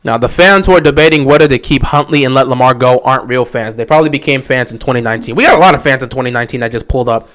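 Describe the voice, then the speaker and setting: A man's voice: medium pitch, rapid-fire, hardly any pauses, a bit bright. A man hosting a casual sports fan livestream, talking in an opinionated, emphatic way, repeating his points and answering viewers' questions. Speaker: livestream host.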